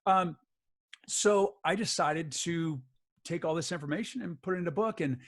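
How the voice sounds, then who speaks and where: Animated male storyteller, fairly high voice. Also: moderate pace. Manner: animated storyteller who acts out the other people's lines. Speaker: guest, author and voice actor. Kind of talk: telling a personal story in an interview.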